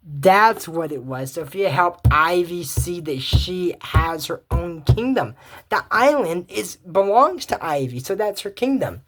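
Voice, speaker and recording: Woman host, low voice, chatty joking cartoon recap. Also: animated, normal speed, slightly rough. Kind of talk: casual commentary recap.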